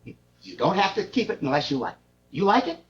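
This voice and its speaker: A woman playing a gentle, fussy older father who keeps trying to calm everyone on stage. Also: fairly quick. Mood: soothing. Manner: coaxing, lively pitch swings. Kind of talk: stage play acting. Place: theater stage. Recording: dull lo-fi roomy stage recording.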